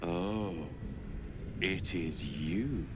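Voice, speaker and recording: An actor voicing an imperious, impatient male character in a video game, with a commanding, drawn-out delivery. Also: low-pitched, background noise.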